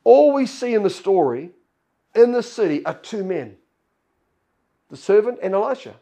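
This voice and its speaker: High-voiced pastor preaching. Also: male voice, big pitch swings, moderate pace, mellow. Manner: storytelling, acts out Bible characters' lines. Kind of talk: sermon.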